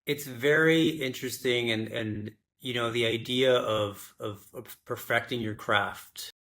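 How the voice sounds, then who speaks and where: Bright-voiced halting male host. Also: medium pitch, steady tone. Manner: halting, many repeated words and restarts. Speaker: host, director and screenwriter. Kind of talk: casual interview talk.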